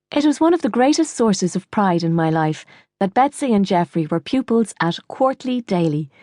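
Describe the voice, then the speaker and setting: Lively Irish woman narrating an audiobook. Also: mid-range voice, no room sound. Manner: wry, dry first-person storytelling. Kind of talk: scripted narration.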